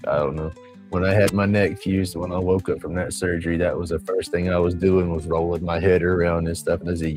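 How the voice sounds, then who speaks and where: A man's voice: low voice, fairly even intonation, fairly quick, darkish tone. A middle-aged man, chatting casually on a livestream, rambling and laughing often. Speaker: livestream host. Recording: faint music behind.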